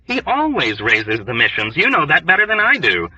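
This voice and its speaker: Brief: sardonic young airman, read by a man, tense and urgent, bright husky tone. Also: on the high side, wildly swooping pitch, moderate pace, no echo, far from the mic, highs cut off, pitched above the performer's own voice, exaggerated voice. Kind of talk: audiobook character voice.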